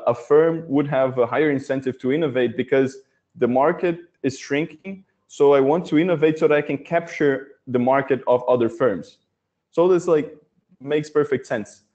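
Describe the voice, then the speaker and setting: A man's voice: medium pitch, darkish tone. A man with a Brazilian accent, a native Portuguese speaker, discussing a book in a webinar with thoughtful, hesitant phrasing over a video call. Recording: dull, lo-fi video call audio.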